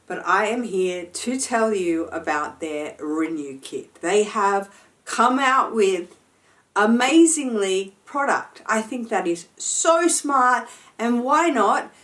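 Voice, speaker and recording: A woman fashion vlogger giving a chatty, enthusiastic sponsored product review, full of playful slang. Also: on the high side.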